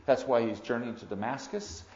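A man preaching a sermon in an earnest way, with loud emphatic moments and quiet asides. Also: mid-range voice, normal speed. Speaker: pastor. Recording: echoey room, dull lo-fi sound.

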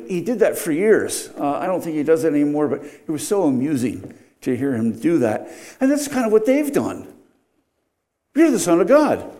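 Animated, emphatic male preacher. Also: fairly high pitch. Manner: animated, emphatic, voice rising and dropping sharply. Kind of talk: expository sermon.

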